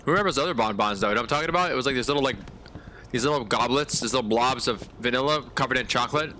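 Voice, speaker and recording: A man's voice: medium pitch, racing, sharp tone, slight background noise. A man giving casual gameplay commentary as a streamer, in laid-back slang with chuckling asides. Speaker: game streamer.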